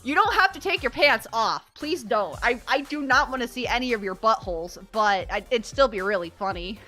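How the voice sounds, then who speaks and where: A young woman streamer chatting casually with her viewers, animated and playful, swearing freely and laughing often. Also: fairly high pitch, moderate pace, soft background music. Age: young adult. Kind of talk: casual livestream chat.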